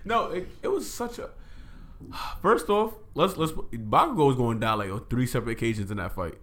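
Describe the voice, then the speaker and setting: Animated young-sounding man chatting anime. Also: medium pitch, brisk. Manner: animated, swearing, stumbling restarts. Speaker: podcast co-host. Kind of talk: casual anime discussion.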